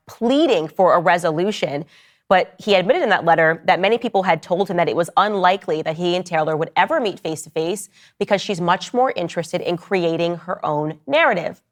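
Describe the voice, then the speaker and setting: A woman podcast host giving opinionated commentary, arguing her case and speaking straight to her listeners. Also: on the low side. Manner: argumentative, addresses listeners directly.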